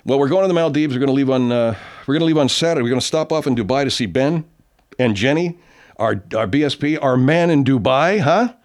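A man's voice: mid-range voice, expressive, fast. A man hosting a radio show in casual banter, rambling, easygoing and freely profane. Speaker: radio host.

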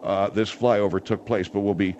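A man hosting a comedy radio bit, measured and polite. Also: lowish voice, steady tone, darkish tone, muffled recording, a little hiss or hum. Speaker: radio host.

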